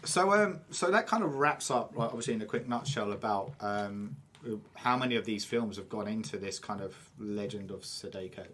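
A man's voice: on the low side, lively intonation, normal speed, few pauses, fairly bright tone, slight background noise. An English man hosting a casual podcast chat, rambling with lots of fillers. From England. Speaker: podcast host.

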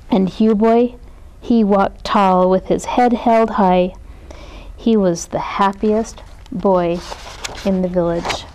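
Mellow woman reading a picture book. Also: medium pitch, poor audio. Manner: gentle, expressive read-aloud with voiced characters. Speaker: storybook reader. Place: community media studio.

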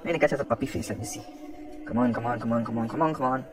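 A man commentating a horror game as he plays, excitable and taunting the monster, with some swearing. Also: mid-range voice, very fast, over music. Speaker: gaming commentator. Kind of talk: let's play commentary.

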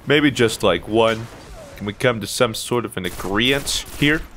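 An American man giving casual, excitable commentary over his own gameplay, full of sudden yelps and playful trash talk. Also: lowish voice, moderate pace, slight background noise. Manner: excitable, yelps and exclaims during fights. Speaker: gaming YouTuber.

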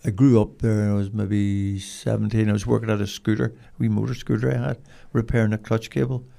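An older man with a Northern Irish accent, telling rambling, animated stories as an interview guest. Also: on the low side, a little fast, creaky. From Northern Ireland. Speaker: guest, dog trainer. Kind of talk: casual storytelling.

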